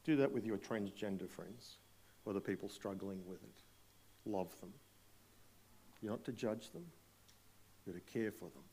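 A man's voice: lowish voice, a little slow, long pauses, mellow, slightly rough. A man preaching a sermon to a congregation, emphatic, asking rhetorical questions and polling the listeners. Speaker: pastor. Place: church hall before a congregation.

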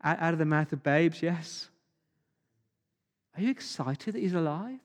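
A man's voice: on the high side, lively intonation, measured pace, pauses often. A man preaching an Easter sermon, emphatic and full of rhetorical questions. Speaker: pastor. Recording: long hall reverb.

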